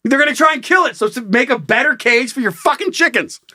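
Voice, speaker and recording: A man co-hosting a podcast, telling profane stories with lots of energy and bursting into shouted mock voices. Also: very high voice, expressive, fast, no room sound, clean studio sound. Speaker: podcast co-host. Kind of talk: casual comedic chat.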